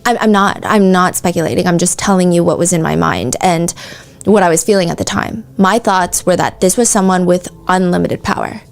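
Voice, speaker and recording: A woman's voice: fairly low pitch, brisk, creaky. Chatty woman narrating court testimony. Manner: casual, chatty asides full of "like". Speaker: podcast host. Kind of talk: true-crime narration reading out court testimony.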